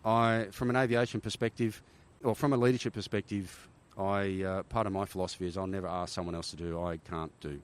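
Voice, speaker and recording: A middle-aged Australian man, a former army helicopter pilot, telling animated stories in a casual interview, often checking in with "right?". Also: sits low, brisk, few pauses, smooth. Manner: animated war-story telling, frequent "right?" tags.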